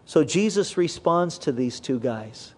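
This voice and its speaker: A man preaching a sermon, earnest and measured, slowing down and dropping his voice low when he quotes scripture. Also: lively intonation. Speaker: pastor.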